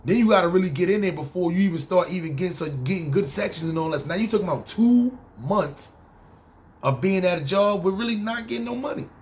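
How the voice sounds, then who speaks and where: A man with a New York accent telling his own story casually on a podcast, slangy and animated. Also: high voice, quick pace, a little hiss or hum. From New York City.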